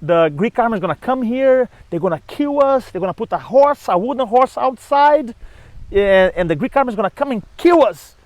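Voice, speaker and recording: A man's voice: very high voice, expressive, brisk, darkish tone, no echo, voice pushed up. A man voicing a young woman, a fierce prophetess, with a raised scornful voice in a told myth. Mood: urgent.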